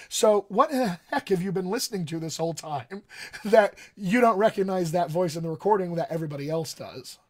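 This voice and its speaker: This dialect coach has a high, slightly mellow voice. He's teaching a relaxed voice lesson live from his home studio desk, chatting straight to the audience and saying um a lot.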